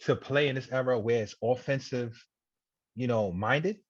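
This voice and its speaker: A man co-hosting a podcast, talking basketball casually and backing the others up with quick agreements. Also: no room sound. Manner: agreeable, backs others up with short affirmations. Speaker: podcast co-host. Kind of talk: casual sports debate. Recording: dull low-fi home podcast audio.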